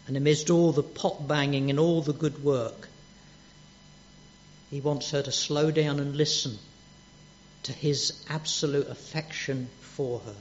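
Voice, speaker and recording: Earnest preacher, lo-fi sound. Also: male voice, a little high, fairly even intonation, a little slow, slight background noise. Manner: gentle, earnest, drops soft on quoted words. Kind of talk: sermon. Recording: dull lo-fi church recording.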